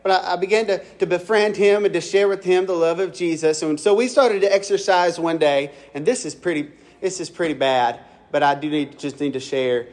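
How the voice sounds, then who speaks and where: A man's voice: fairly high pitch, fairly quick, a little mellow. A male pastor preaching a sermon. He talks like he's telling a story to friends, loose and conversational, and often restarts a phrase before finishing it. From Kentucky.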